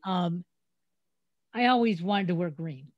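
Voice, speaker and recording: A middle-aged woman hosting a podcast, telling family stories in a chatty, animated way over a remote call. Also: lowish voice, measured pace, dry recording, highs cut off. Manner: storytelling, chatty, animated retelling. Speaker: podcast host. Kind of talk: casual interview chat.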